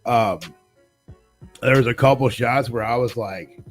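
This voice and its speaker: A man's voice: mid-range voice, measured pace, long pauses. A man in his forties tells a rambling, swear-heavy story on a live talk show. He mimics the people in it as he goes. Faint music runs underneath. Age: 40s. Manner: profane, animated storytelling, acts out other people's lines. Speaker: podcast host. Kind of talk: casual storytelling chat.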